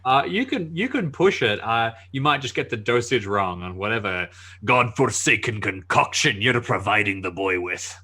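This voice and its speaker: A man running a tabletop horror game as game master, lively and laughing between rulings. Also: lowish voice, normal speed, slightly rough.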